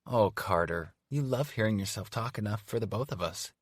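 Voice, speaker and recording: A man voicing a sharp-tongued young woman talent agent in an audiobook, mocking and sweetly teasing. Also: lowish voice, expressive, moderate pace, husky, no echo, studio quality. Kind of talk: audiobook character voice.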